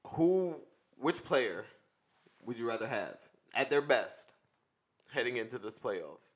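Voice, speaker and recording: A man's voice: medium pitch, sing-song, slow. A man who hosts a casual sports debate, leading with questions and playful banter. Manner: leads the talk, playful banter. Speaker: podcast host asking questions.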